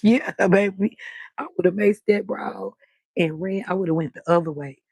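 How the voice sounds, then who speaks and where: Gravelly, husky woman chatting late at night. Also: mid-range voice, a little slow, no room sound. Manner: loud, animated, cusses freely. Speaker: livestream host. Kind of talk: late-night livestream chat. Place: balcony outdoors at night.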